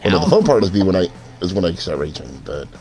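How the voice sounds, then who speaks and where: A man speaking casually as a player in a tabletop game, slow and hesitant. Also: deep voice, very animated, music in the background.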